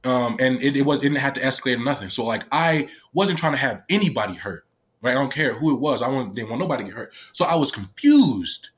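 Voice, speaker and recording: This man's voice is mid-range, animated and a bit bright, and he moves at a quick pace. Speaking to camera, he tells an emotional personal story through tears, rambling with plenty of "like" and "right?" and frequent profanity.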